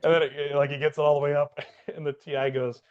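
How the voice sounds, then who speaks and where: A man's voice: on the high side, level tone, quick pace, clear, resonant tone, phone-quality sound. Rambling man telling a story. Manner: rambling, many fillers and restarts. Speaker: podcast co-host, Air Force veteran. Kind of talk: casual storytelling chat.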